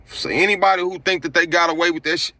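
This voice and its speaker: A man's voice: high-pitched, fairly even intonation, quick pace, pushed and bright, dry recording. A man in a social media clip talking casually and with regret about a bad decision.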